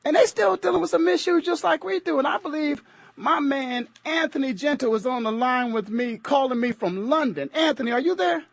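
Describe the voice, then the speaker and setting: Emphatic high-voiced talk radio host. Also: male voice, a little fast, gravelly. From United States. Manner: preachy, emphatic, repetitive.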